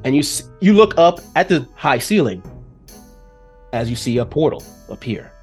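A man hosting a podcast and narrating a tabletop role-playing game as game master, with playful, animated storytelling. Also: fairly high pitch, moderate pace, slightly rough, soft background music.

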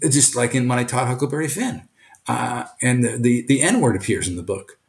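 An older retired teacher from Brooklyn, answering interview questions in an earnest, emphatic way. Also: male voice, mid-range voice. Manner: earnest, emphatic, animated storytelling. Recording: echoey room.

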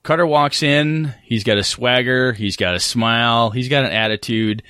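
A man narrating as game master of a tabletop role-play game, animated and full of fillers. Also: mid-range voice, moderate pace, clean tone, dry recording, clean studio sound.

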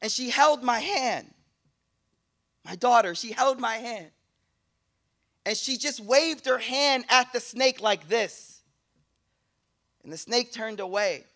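A man with a high-pitched voice delivers a storytelling sermon. He acts out a dream story, swinging from loud, excited lines to hushed ones. His talk is casual, with bits of slang. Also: slow pace, pauses often. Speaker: speaker, Islamic teacher.

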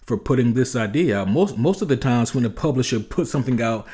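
A man's voice: mid-range voice, animated, brisk, mellow. Guy rambling on a comic podcast, lots of swearing and restarts, just chatting. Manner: rambling, profane, frequent restarts. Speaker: podcast co-host. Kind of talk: casual comic book chat.

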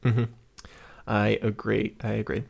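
A man's voice: lowish voice, completely flat delivery, unhurried, gravelly, darkish tone. Rambling man on a podcast. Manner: rambling, filler-heavy, laughs often. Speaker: podcast co-host. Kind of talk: casual podcast chat.

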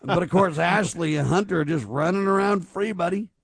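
This talk radio host delivers conservative commentary with force, firing off rhetorical question after rhetorical question. He has a high, brisk voice with vocal fry and a breathy edge. The sound is clean studio audio with no room sound.

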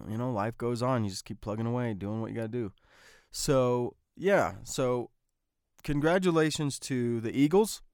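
Low-voiced man hosting a chatty podcast. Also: a little mellow, clean tone, no echo, clean studio sound. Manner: rambling, chatty, frequent fillers and restarts. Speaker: podcast host. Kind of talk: casual solo podcast talk.

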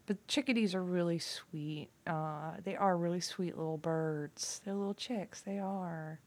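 A woman talking casually and at length, profane and rambling, dropping from loud bursts to near-whispers. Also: fairly low pitch, measured pace. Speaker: vlogger.

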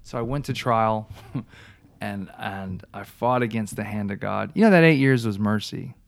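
A man telling his personal testimony in a casual talk, an animated storyteller who restarts often and laughs along the way. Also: fairly low pitch, unhurried, creaky.

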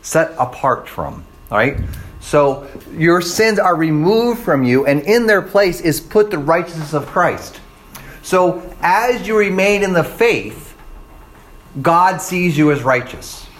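Guy preaching a sermon, kinda higher voice, chatty, acts out the quotes. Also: lively intonation, slow, fairly bright tone. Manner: checks in with "right?" and "okay?". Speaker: pastor.

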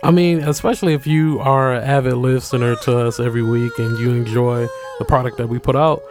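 A man's voice: mid-range voice, steady tone, brisk, darkish tone, soft background music. A man co-hosting a podcast in a laid-back, slangy casual chat. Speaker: podcast co-host.

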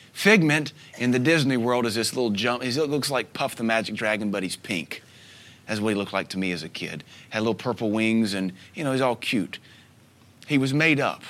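Animated man preaching a sermon. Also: mid-range voice. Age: 30s. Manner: animated storytelling, swings between soft asides and sudden loud bursts. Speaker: pastor.

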